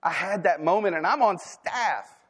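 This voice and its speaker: A man's voice: sits high, animated, normal speed, husky, in a large hall. A man preaching a sermon as a staff pastor, candid and conversational, with asides and quoted inner thoughts. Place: church sanctuary.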